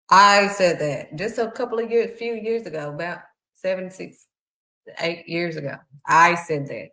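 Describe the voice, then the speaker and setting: Echoey low-voiced woman giving a faith talk. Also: animated, measured pace, a bit bright. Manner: conversational, preachy, uses "honey". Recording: echoey room.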